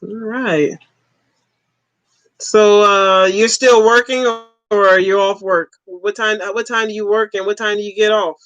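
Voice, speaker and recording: A livestream host in their forties, chatting in a relaxed, easygoing way. They chuckle often and toss out short, repeated replies. The sound is close and dry, with no room echo. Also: mid-range voice, a little slow. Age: 40s. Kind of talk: casual livestream chat.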